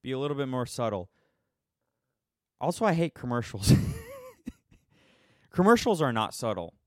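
A man's voice: medium pitch, big pitch swings, normal speed, no echo, clean studio sound. A man ranting casually to his viewers, sarcastic and rambling, poking fun at himself. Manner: sarcastic, rambling, self-mocking. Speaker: vlogger. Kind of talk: casual opinion rant.

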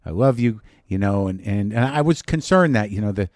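A middle-aged man, a podcast host, telling a personal story in a halting monologue full of restarts and fillers. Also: on the low side, lively intonation, no room sound, clean studio sound.

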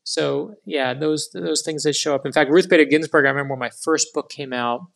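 A middle-aged man, a guest author, telling rambling, animated anecdotes in a casual interview. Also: on the high side, fairly quick, creaky.

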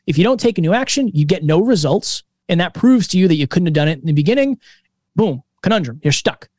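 Energetic man telling a story. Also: sits high, quick pace, no room sound, studio quality. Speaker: podcast co-host, interview guest. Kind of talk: casual storytelling interview.

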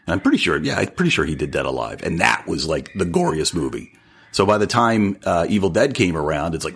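A man's voice: low voice, very animated, quick pace, creaky, slightly rough. A man in his forties co-hosting a live podcast, joking around and making fun of himself. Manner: joking and self-deprecating. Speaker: podcast co-host. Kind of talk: casual live podcast chat.

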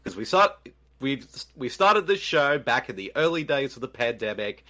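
Excitable Australian man co-hosting. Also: mid-range voice, normal speed. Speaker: podcast co-host. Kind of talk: casual live podcast chat.

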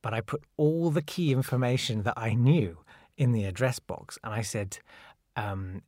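A man's voice: mid-range voice, moderate pace, darkish tone, no room sound, clean studio sound. Male guest, medium voice, jokey and wry. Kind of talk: casual chat.

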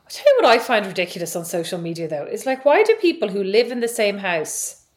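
A woman, co-hosting a casual podcast chat, playful and quick to laugh. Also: medium pitch, lively intonation. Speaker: podcast co-host. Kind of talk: casual banter.

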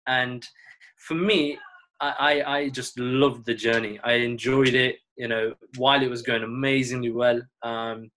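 A relaxed man in an easygoing interview, reflecting on his playing days at an even, middle pitch. He talks things through at his own pace and slips into the voices of people he is quoting. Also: unhurried. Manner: relaxed, reflective, acts out quoted dialogue. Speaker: former cricketer and coach. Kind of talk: casual interview storytelling.

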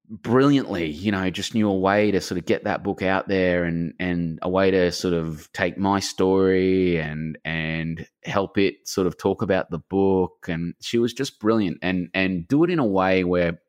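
A middle-aged man, an author, talking casually in a podcast interview, rambling and self-deprecating, with animated asides where he quotes people. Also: low-pitched, measured pace, no room sound, clean studio sound. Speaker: author and guest.

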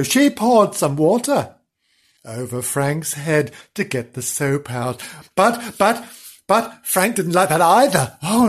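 A man's voice: on the high side, husky. A man reading a comic animal story aloud, breaking off into playful, giggly asides to the listener.

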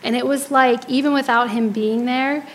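A woman's voice: high voice, moderate pace, a little hiss or hum. Woman giving a storytelling sermon. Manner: animated storyteller acting out quotes. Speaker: speaker at church service.

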